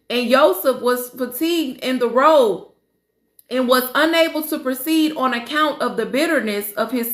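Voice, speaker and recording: Woman, high voice, slow careful reading, echoey room. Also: a bit bright. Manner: slow reading, stumbling over names, casual asides. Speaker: Bible study reader. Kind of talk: reading scripture aloud with commentary.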